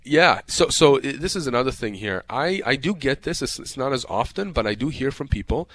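A man's voice: medium pitch, animated, brisk, a bit bright. A man who works as a lawyer, giving advice on a radio show in a passionate, emphatic way and often repeating words. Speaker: personal injury lawyer as guest. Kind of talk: radio call-in advice talk.

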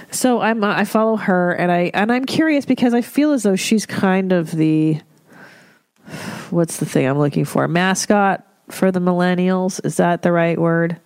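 A woman's voice: fairly low pitch, darkish tone, no room sound. A woman hosting a casual solo podcast, telling stories in a blunt, profane, rambling way. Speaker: podcast host.

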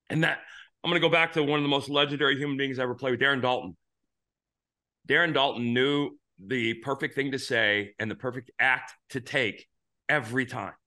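A man's voice: medium pitch, pushed and bright. A middle-aged man hosting a baseball talk show, rambling through stories with many restarts. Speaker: podcast host, former pitcher. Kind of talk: casual sports talk.

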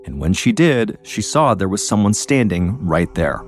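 A man hosting a podcast, telling a true-crime story in a measured, suspenseful scripted narration. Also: on the low side, sing-song, soft background music. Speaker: podcast host.

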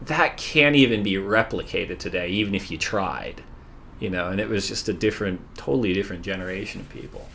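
A middle-aged Southern California man, a surf league executive, talks briskly in a low, gravelly, sharp voice. Chatting casually on a podcast, he rambles with lots of fillers and restarts.

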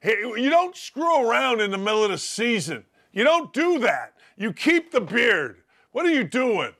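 A man from Indiana hosting a casual sports interview, jokey and animated and quick to laugh. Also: very high-pitched. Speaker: host.

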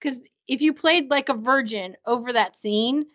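A woman's voice: fairly high pitch, normal speed, fairly bright tone. A woman co-hosting a podcast, chatting enthusiastically and laughing often. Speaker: podcast co-host. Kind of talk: casual recap chat. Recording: slightly dull lo-fi sound.

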